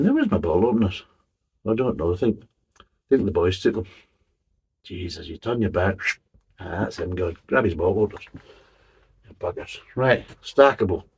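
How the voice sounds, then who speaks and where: A man's voice: sits low, darkish tone, husky. A middle-aged man reviewing a beer in a chatty, rambling way, swearing casually as he goes.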